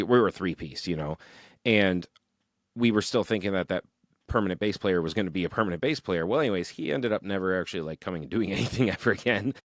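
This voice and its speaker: Deep-voiced man telling band stories. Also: no echo, studio quality. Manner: rambling, animated storytelling with frequent swearing. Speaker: musician guest. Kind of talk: casual podcast interview.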